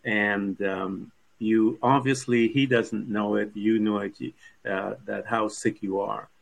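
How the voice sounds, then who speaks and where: A man's voice: lowish voice, steady tone, slow pace, gravelly, low-quality recording. A man interviewing a guest, giving encouraging responses and asking long, winding questions. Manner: warm, encouraging backchannels and long rambling questions.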